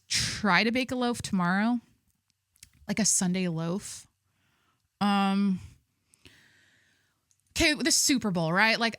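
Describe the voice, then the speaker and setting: A woman's voice: medium pitch, fairly bright tone, dry recording, studio quality. A young adult woman hosting a podcast in casual, rambling chat, full of "like" and restarts. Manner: rambling, filler-heavy, self-interrupting. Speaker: podcast host.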